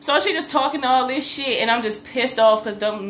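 A middle-aged woman holding forth in a casual podcast chat, all swearing and bluster, jumping into the voices of the people in her story. Her tone is bright and forceful, and there is a faint room hum behind her. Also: on the high side, normal speed. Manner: animated, profane, acts out quotes loudly. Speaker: podcast co-host.

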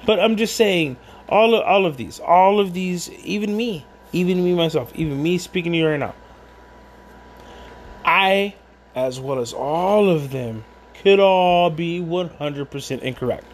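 A man's voice: sits high, unhurried. A man at home rambling through a casual monologue with many restarts and asides while he drinks.

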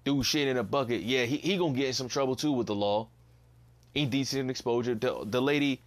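A young man hosting a casual solo podcast, ranting bluntly, swearing and repeating himself in disbelief. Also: medium pitch. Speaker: podcast host.

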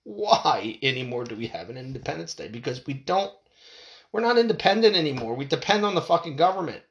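A man's voice: a little high, sing-song, brisk, vocal fry, muffled recording. Middle-aged man, ranting solo podcaster, swears freely, voice swings up and down a lot. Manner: profane, heated, exasperated. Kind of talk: ranting monologue. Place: home room, window open. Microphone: desk mic.

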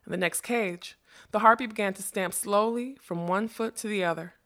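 A woman narrating a fantasy novel as an audiobook, measured and expressive. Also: medium pitch.

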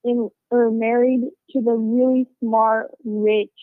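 A woman's voice: on the high side, little pitch movement, slow pace, no echo. Rambling young-sounding woman on a tinny line. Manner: rambling, swears a lot, with lots of fillers. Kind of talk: casual storytelling rant. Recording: tinny phone-like sound, dry.

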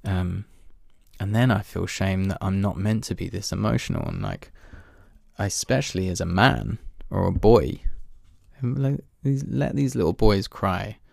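A man's voice: deep voice, unhurried, gravelly, darkish tone, no echo, studio quality. A man talking in a casual, reflective monologue, candid and self-deprecating, swearing now and then and laughing at himself.

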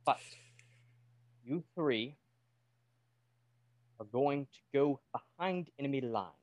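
A man's voice: medium pitch, lively intonation, slow, dry recording, dull audio. Man doing a formal military captain, commanding, stiffly polite, dry close sound. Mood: briefing.

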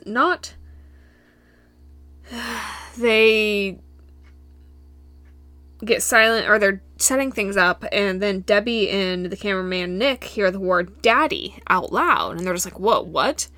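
A woman's voice: medium pitch, unhurried, bright, forceful tone, no room sound. A young woman from Michigan hosting a solo podcast, recapping a show in a giggly, rambling way that drifts into tangents. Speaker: podcast host.

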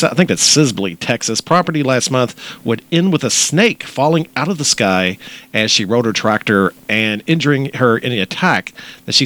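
A man co-hosting a casual podcast, reading a news story aloud and joking about it. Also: mid-range voice. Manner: animated, reads news aloud with jokes. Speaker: podcast co-host.

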